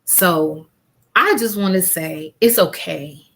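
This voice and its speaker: Earnest lower-voiced woman host, preachy repeats. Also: takes it slowly, a bit bright. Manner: earnest, repeats key lines like rhetorical preaching. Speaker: host and grief counselor. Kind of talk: faith-based live interview chat. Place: at home with family around. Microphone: video call.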